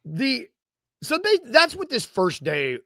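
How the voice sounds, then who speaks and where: Southern American man, podcast host, bright forceful voice, dry close sound, rambling jokes. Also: very high-pitched, wildly swooping pitch, vocal fry, dry recording. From Tennessee. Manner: jokey, rambling, quick to laugh. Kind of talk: casual podcast chat.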